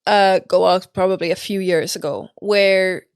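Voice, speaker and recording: A woman from Malta with a Maltese accent, hosting a relaxed interview and chatting easily with fillers. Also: on the low side, moderate pace, clear, resonant tone, dry recording, studio quality. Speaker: podcast host. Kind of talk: casual interview chat.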